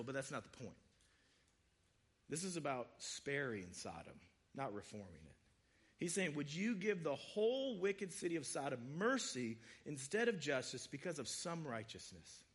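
A man's voice: a little high, a bit bright, husky. A man preaching a sermon in a conversational way, acting out quoted voices. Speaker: pastor.

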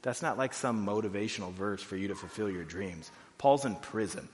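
A pastor preaching a sermon in a conversational way, full of "like"s, going from quiet and low to loud and high. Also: male voice, brisk, in a large hall. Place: church hall.

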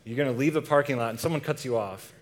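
A young man delivers a relaxed sermon to a youth group at a medium pitch. He talks conversationally and keeps tossing questions out to the audience. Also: fast, a little hiss or hum. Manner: casual, asks the audience questions.

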